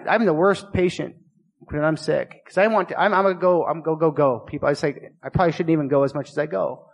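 A man's voice: high-pitched, big-room sound, rough recording. A man preaching a sermon as pastor of a small church, earnest and confessional, often repeating himself, just getting over being sick. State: recovering from illness.

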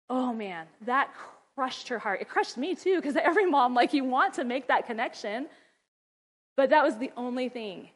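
A woman's voice: sits high, animated, normal speed. A woman teaching mothers in a casual talk, chatty and laughing often as she acts out little scenes.

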